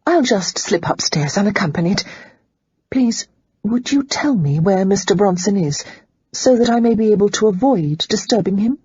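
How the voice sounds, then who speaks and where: An anxious, well-bred young lady stammers her polite requests, as an audiobook narrator puts her on. The voice sits higher than the narration and stays very husky. It is close and dry on a dull, lo-fi recording. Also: lively intonation, normal speed, warm tone, dry recording. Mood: tactful. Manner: flustered, stammering. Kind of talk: audiobook character reading.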